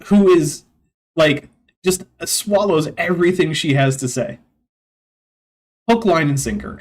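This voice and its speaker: A man with a fairly high voice hosts a reaction stream in casual chat. He rambles through stories with many fillers and drops dry, sarcastic asides. His delivery stays loose and conversational.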